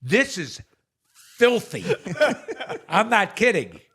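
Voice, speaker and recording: Man, guest storyteller, animated, fairly high voice, lots of melodic swing. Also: breathy edge. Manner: animated joke teller, quick shifts between loud and hushed.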